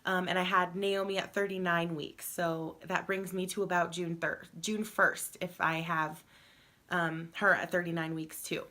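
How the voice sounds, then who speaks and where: A heavily pregnant young woman talking casually in a home vlog, chatty and rambling, laughing often and filling pauses with "um" and "like.". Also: lowish voice, little pitch movement, bright, forceful tone. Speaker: vlogger.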